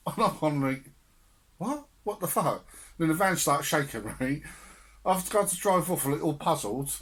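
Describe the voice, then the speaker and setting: Podcast co-host, young man, raised pitch, chatty storyteller who laughs and swears a lot. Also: lively intonation, moderate pace, a bit bright. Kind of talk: casual storytelling chat.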